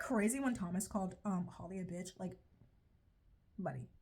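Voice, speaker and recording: A woman's voice: lowish voice, moderate pace, darkish tone. A young woman giving a casual, rambling, profane video commentary, often stopping mid-sentence and laughing at herself. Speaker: video creator reviewing a show.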